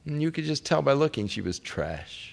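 A man preaching a sermon through a personal story, moving between hushed, low passages and raised, heartfelt ones. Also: big pitch swings, moderate pace, creaky.

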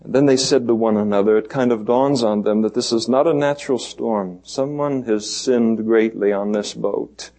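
A man's voice: on the low side, normal speed, few pauses, warm tone, rough recording. A male pastor preaching verse by verse in a conversational way, chuckling between points. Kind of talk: expository sermon.

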